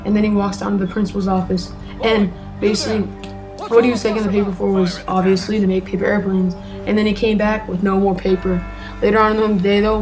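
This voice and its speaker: A woman's voice: mid-range voice, darkish tone, poor audio. Chatty woman telling a story. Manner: chatty, lots of fillers. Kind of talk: casual storytelling vlog.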